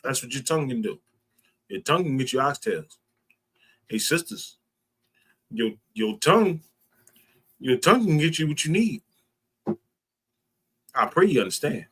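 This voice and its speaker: A man's voice: mid-range voice, lively intonation, unhurried, pauses often, fairly bright tone, husky. A man preaching to a class, repeating lines and building emphasis. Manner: preaching with repetition and rising emphasis. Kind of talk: sermon.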